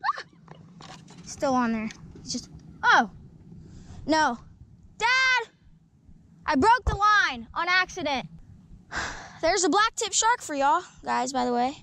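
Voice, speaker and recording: A young woman fishing from a paddleboard, talking excitedly and coaching someone else as she goes. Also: sits high, slow, pauses often. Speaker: angler. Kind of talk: excited live fishing talk. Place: outdoors on a paddleboard. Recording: outdoor noise.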